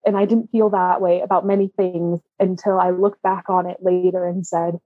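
A woman's voice: lowish voice, flat delivery, normal speed, dry recording, narrow, tinny audio. A woman guest candidly telling a personal story, open and emotional, often laughing. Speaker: interview guest.

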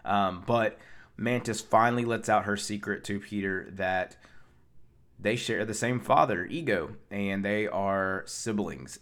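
A man's voice: lowish voice, a bit bright. A man recapping a film in a casual, rambling way, with many fillers and restarts. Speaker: pop culture reviewer.

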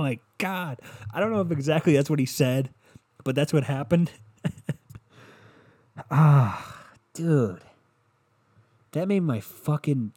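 A man's voice: lowish voice, darkish tone. A young man hosting a solo podcast, rambling casually with lots of profanity and filler words. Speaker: podcast host.

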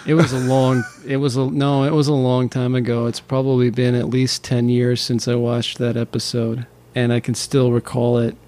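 A man co-hosting a casual podcast, rambling and animated as he retells jokes between laughs. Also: mid-range voice, normal speed, hardly any pauses. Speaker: podcast co-host.

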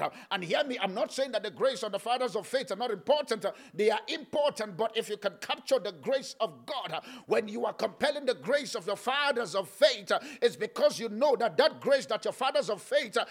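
A man preaching a sermon, swinging between loud calls and soft, low murmurs, with frequent "uh" fillers. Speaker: pastor.

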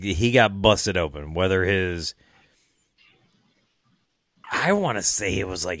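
Low-voiced male podcast guest, rambling and laughing, dry sound. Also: fairly bright tone, dry recording. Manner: rambling, laughs often, swears freely. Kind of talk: casual podcast chat.

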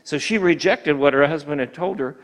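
Male preacher delivering a sermon, a slightly higher voice, emphatic and drawn out on key words. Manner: emphatic, slows for key points, acts out voices of tempters.

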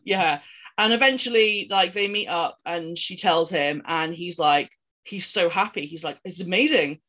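A woman's voice: on the low side, measured pace, a bit bright. A woman co-hosting a podcast, casually retelling a film's plot in a rambling way, with many ums and restarts. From outside the United States. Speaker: podcast co-host. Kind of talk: casual film-recap chat.

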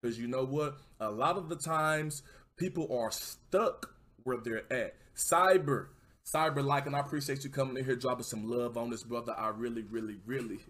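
A man hosting a livestream talk show, giving casual motivational talk, encouraging viewers and shouting them out by name. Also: medium pitch, normal speed. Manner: encouraging, keeps asking "you know what I mean".

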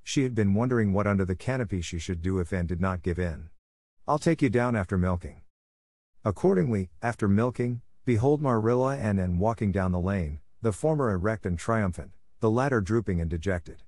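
A man narrating an audiobook with a measured, expressive reading. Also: on the low side, dry recording.

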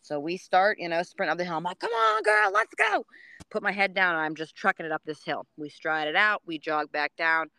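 A woman co-hosting a podcast, telling a story in casual chat, swearing freely and acting out quotes in a high voice. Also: fairly even intonation, fairly quick, few pauses, sharp tone, no room sound. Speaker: podcast co-host.

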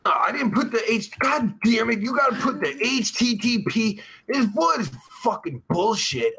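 A man's voice: very high-pitched, sing-song, moderate pace, vocal fry, hardly any pauses, sharp tone, breathy edge. A man hosting a live-streamed show, reading out viewer comments in rambling, heavily profane casual chat with crude jokes. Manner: jokey and crude. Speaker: podcast host.

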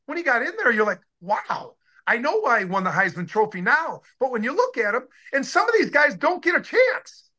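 A man in his sixties recalls his playing days in a casual interview. His voice is bright and forceful. He talks in eager bursts, breaking off and restarting his sentences. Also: very high-pitched. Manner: excited, rambling, many restarts. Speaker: former pro football player, guest.

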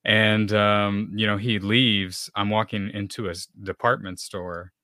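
A man from Texas tells his own story as a podcast guest, slipping in plenty of fillers as he goes. His voice sits low yet comes across bright and forceful. The sound is close and dry, with no room echo. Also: little pitch movement, unhurried. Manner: storytelling with many fillers, acts out dialogue. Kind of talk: personal testimony in conversation.

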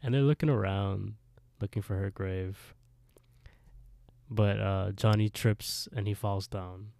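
A man's voice: fairly low pitch, gravelly, no room sound. A man casually recapping a TV episode, acting out the characters' lines and laughing often. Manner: animated retelling, switches between characters' lines, laughs often. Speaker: podcast co-host recapping an episode. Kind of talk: casual chat, retelling a plot with quoted dialogue.

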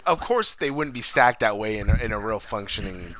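A man's voice: on the low side, lively intonation, brisk, fairly bright tone. A man co-hosting a casual movie review podcast, laid-back and questioning, swearing casually. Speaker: podcast co-host.

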